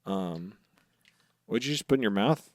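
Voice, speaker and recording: A man co-hosting a casual podcast, excitable and profane, often acting out characters' lines. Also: lowish voice, unhurried, dry recording, clean studio sound. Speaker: podcast co-host.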